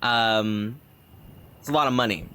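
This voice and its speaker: A man's voice: medium pitch, measured pace, sharp tone, clear, resonant tone. A man streaming a game, chatting casually and rambling with lots of fillers. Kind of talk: casual gameplay commentary.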